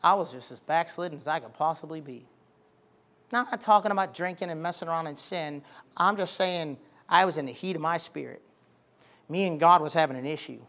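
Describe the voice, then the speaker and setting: A male pastor preaching a sermon in a folksy, plain-spoken way, moving from quiet talk to loud, emphatic fervor. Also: a little high, fairly quick. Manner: colloquial, plain-spoken phrasing.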